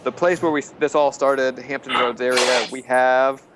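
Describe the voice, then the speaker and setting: A man hosts a loose, casual podcast at an everyday mid pitch. He rambles through his points with plenty of fillers and quick laughs. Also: steady tone, very noisy. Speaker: podcast host.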